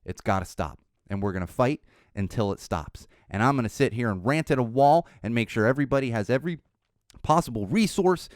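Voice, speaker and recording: A man in the middle range of pitch hosts a podcast, talking bluntly and passionately with frequent swearing. The sound is dry and close, as in a small studio. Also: lively intonation, fairly quick, no room sound. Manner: impassioned, blunt, swears freely. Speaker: podcast host. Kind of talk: political podcast rant and sign-off.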